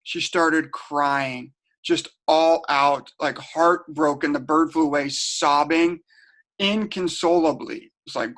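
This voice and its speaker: A man's voice: a little high, slow pace, fairly bright tone. Chatty man presenting a webinar. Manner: chatty, storytelling, repeats and restarts words. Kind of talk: casual teaching talk. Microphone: home webinar setup.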